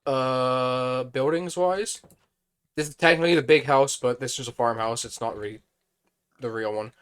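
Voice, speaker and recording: A man with a hoarse, fading voice, chatting casually on a live stream as he plays a building game and thinks aloud. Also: medium pitch, fairly even intonation, normal speed, a bit bright.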